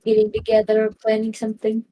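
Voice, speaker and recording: Female player, mellow warm tone, tentative and halting. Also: fairly high pitch, completely flat delivery, low-quality recording. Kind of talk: tabletop game chat.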